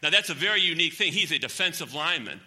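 Pastor guy preaching, high sharp voice, hammers phrases twice, big echoey hall. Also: animated, rapid-fire. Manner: emphatic, repeating key phrases. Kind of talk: sermon. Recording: long hall reverb.

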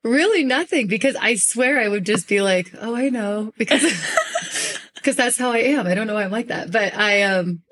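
A woman hosting a podcast in casual chat, talking fast and rambling with lots of fillers. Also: medium pitch, lively intonation, a bit bright, a little hiss or hum. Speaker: podcast host.

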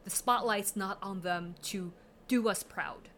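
A woman's voice: medium pitch, unhurried, a little hiss or hum. A woman talking casually and analytically about movies, with plenty of fillers. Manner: chatty, analytical, many fillers. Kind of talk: casual film discussion.

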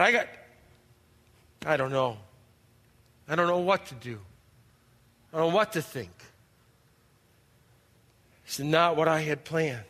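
A man's voice: very high voice, sharp tone, exaggerated voice. A man acting as an anxious, overwhelmed churchgoer who pleads with God, exasperated and stammering as he talks. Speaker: actor in skit. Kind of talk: church drama monologue. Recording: reverberant hall.

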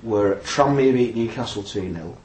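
A man's voice: fairly low pitch, lively intonation, normal speed, a little mellow. Man hosting, echoey room. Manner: teasing, reads out facts. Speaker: podcast host. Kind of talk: casual chat. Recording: roomy echo, faint hiss.

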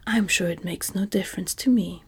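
A woman voicing a curious young boy in a whispered role-play, matter-of-fact and breathy. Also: mid-range voice, fairly quick, darkish tone.

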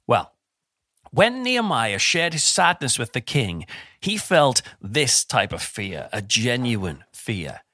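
A middle-aged man giving an informal Bible talk in a chatty, animated way with self-deprecating humour. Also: mid-range voice, slow, no echo, studio quality. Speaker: preacher.

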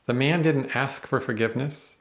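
A man's voice: medium pitch, moderate pace. A man teaching the Bible on a podcast, earnest and emphatic, reading verses aloud and explaining them.

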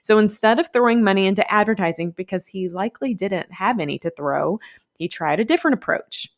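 A woman's voice: medium pitch, expressive, brisk. A woman with a Southern US accent hosting a podcast, talking chattily and upbeat and laughing often. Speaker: podcast host. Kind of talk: podcast monologue.

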